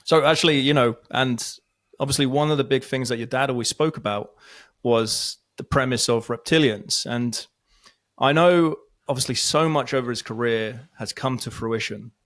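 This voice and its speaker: A man hosting a podcast who asks his guest questions in a relaxed, conversational way. His voice sits at an ordinary male pitch. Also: moderate pace. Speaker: podcast host. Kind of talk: interview questions.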